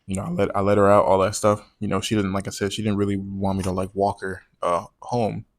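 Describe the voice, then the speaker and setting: A man with a fairly low voice tells a personal story straight to the camera. He talks loose and slangy, swears freely and stumbles over repeated words as he rambles on. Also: completely flat delivery, fast talker. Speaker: vlogger telling a personal story. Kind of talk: casual storytime monologue.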